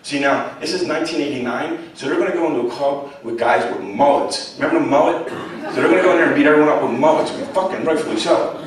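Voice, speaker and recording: A man's voice: a little high, quick pace. A man, telling blunt, profane stories to students with laughs along the way. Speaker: guest speaker. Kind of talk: storytelling talk to students. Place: college lecture hall. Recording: echoey hall, distant mic.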